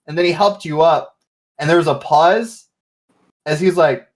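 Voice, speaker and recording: A man running a tabletop game, narrating scenes and laughing as he quotes the characters. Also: on the high side. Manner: laughing, swearing, acting out characters in quick quotes. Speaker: game master.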